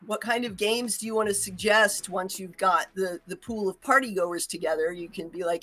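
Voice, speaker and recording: A woman's voice: mid-range voice, moderate pace, hardly any pauses, fairly bright tone. A woman hosting a casual talk, chatty and upbeat, laughing often and restarting her sentences. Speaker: host.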